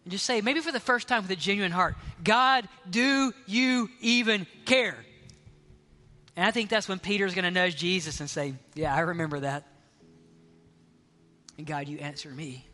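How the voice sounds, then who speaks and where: Impassioned high-voiced male preacher in a hall. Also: brisk, faint music behind. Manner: impassioned, swings from loud to hushed near-whispers. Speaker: pastor. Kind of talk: sermon. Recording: long reverb of a large hall.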